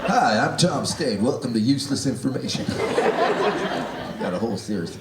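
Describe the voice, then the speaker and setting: A man's voice: medium pitch, animated, normal speed. Profane Canadian man ranting onstage. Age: 40s. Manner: profane, rambling, builds to loud rants. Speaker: stand-up comedian. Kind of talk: live stand-up routine. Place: large theatre, indoors. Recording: roomy, distant, loud crowd and noise. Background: audience laughter.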